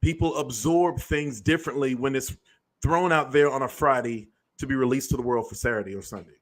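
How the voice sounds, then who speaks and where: A man's voice: mid-range voice, fairly quick. A man hosting a show, delivering a blunt, profane commentary monologue. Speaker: show host.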